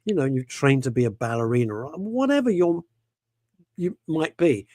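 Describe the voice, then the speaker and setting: A man hosts a talk radio show, his pitch swinging widely as he presses each point with emphatic, repeated words. The sound is close and dry, with no room echo. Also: sing-song, normal speed, warm tone. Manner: passionate, emphatic opinions with repetitions. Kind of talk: casual talk radio chat.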